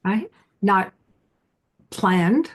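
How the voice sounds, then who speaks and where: A middle-aged woman hosting an interview, speaking conversationally with affirming asides and pauses. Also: medium pitch, expressive, husky. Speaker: podcast host.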